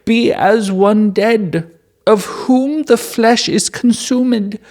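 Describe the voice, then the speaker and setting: A man's voice: sits high, very slow, darkish tone, voice pushed up. A man doing a flustered, pleading brother. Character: anxious older brother pleading for his sister.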